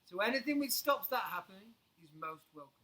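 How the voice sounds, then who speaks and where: A man doing a genial grey-haired gentleman. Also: sits high, animated, a little fast, rough recording.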